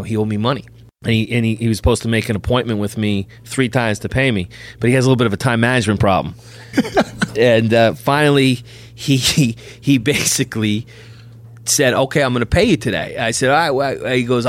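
A man's voice: fairly low pitch, no room sound. A middle-aged man, a bail bondsman, telling anecdotes on a podcast and acting out the dialogue in them. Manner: animated anecdote teller, acts out dialogue. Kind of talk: podcast storytelling.

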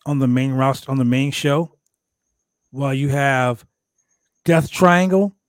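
A man hosting a casual wrestling recap show, talking in an animated, profane way and acting out quotes from the show. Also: medium pitch, no room sound. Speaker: podcast host recapping wrestling.

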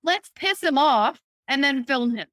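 A woman hosting a casual chat, explaining an idea in a lively way, often checking in with "right?" and acting out quoted thoughts. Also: high-pitched, unhurried, no echo. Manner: lively, acts out quoted inner voices, frequent "right?". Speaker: host explaining a personal decision-making method.

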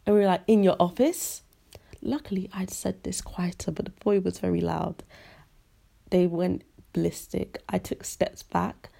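A woman's voice: on the low side, normal speed, creaky. A young woman telling a story in a casual podcast, ranting and acting out the people she quotes. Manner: animated, acts out quoted voices, ranty. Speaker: podcast host.

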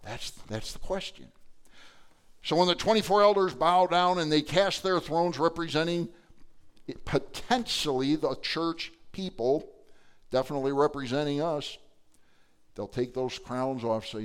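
A middle-aged male pastor preaching a sermon, animated, acting out quotes with sudden swings between loud and soft. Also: on the high side, unhurried, clear, resonant tone.

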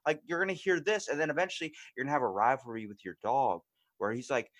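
A man hosting a casual podcast, talking in a loose and animated way. He swears freely and slips into put-on voices to act out his stories. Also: mid-range voice, fast talker. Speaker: podcast host.

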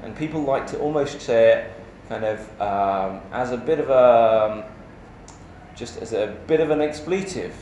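A man preaching a sermon in a measured, emphatic way, asking rhetorical questions. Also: mid-range voice, mellow, a little hiss or hum. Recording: echoey church hall with faint ambience.

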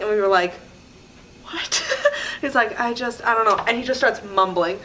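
A woman with a fairly high voice tells a story in a relaxed podcast chat. She acts out what other people said and laughs often. A faint room hum sits behind her. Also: moderate pace, poor audio.

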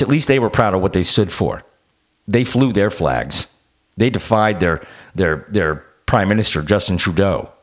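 A man hosting a podcast, delivering a combative, sarcastic rant with plenty of swearing. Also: sits low. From United States. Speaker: podcast host. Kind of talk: ranting podcast monologue.

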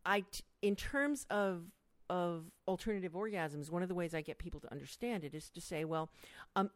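A middle-aged woman, a sex educator being interviewed, talking expressively and acting out quotes. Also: no echo. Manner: expressive, acts out quotes with big pitch jumps. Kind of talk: animated interview conversation.

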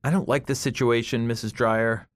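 A man's voice: medium pitch, steady tone, moderate pace, lightly acted. A man reading the part of a wary young woman helper who speaks in a worried, earnest way. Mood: uneasy.

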